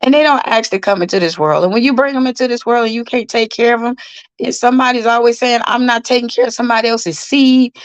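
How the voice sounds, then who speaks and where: A woman's voice: fairly high pitch, no echo, low-quality recording. A middle-aged woman, hosting a casual livestream from her bed, tired, chatty, repeating herself and greeting viewers by name. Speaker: livestream host. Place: in bed at home.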